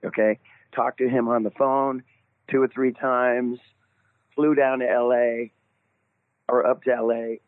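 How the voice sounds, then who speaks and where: Man, guest singer, animated storyteller, laughs at himself, dry tinny phone-line sound. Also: medium pitch, no room sound. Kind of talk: casual interview storytelling.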